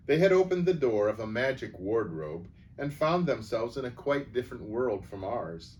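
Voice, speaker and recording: A man calmly reading a children's novel aloud as storyteller. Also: lowish voice. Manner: calm, even storybook reading. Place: church setting. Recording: distant mic, faint background noise.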